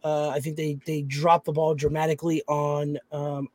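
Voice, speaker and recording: A man's voice: fairly high pitch, monotone, moderate pace, a little mellow, no room sound. A man co-hosting a casual podcast chat, easygoing and agreeable. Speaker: podcast co-host.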